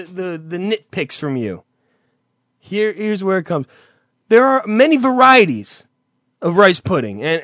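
High bright-voiced teasing podcast host. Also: male voice, dry recording, studio quality. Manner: teasing storyteller, loud impressions of his cohost. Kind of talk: casual profane banter.

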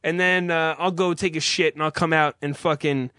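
Bright-voiced ranting young man. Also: a little high, steady tone, moderate pace, smooth, no echo, clean studio sound. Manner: irritated, profane, ranting. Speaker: podcast host. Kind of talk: profane rant and ad read.

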